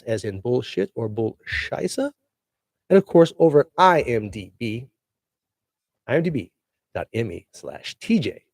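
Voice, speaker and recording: A man's voice: medium pitch, dry recording, clean studio sound. A man hosting his own show in a casual solo monologue, joking and plugging himself with playful, spelled-out asides. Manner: jokey self-promoting, spells things out, animated bursts. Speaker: podcast host.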